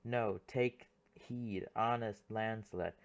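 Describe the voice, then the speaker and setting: Dude doing a goofy rambling servant clown, slow and lowish, audiobook play. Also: male voice, fairly even intonation. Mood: comic. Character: young male clown servant, jittery and comic.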